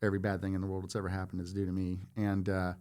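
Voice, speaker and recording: Man in his forties, low voice, podcast guest, self-deprecating, halting, filler-heavy storytelling. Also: monotone, a little mellow, clean tone. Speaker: podcast guest, former Marine. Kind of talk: casual storytelling chat.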